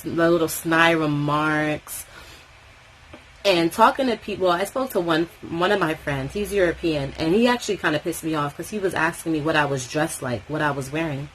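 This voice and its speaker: A young woman from Tobago telling a story in casual vlog chat, animated and swearing freely. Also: sits low, a little hiss or hum, rough recording. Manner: animated, swearing freely, acting out quoted voices.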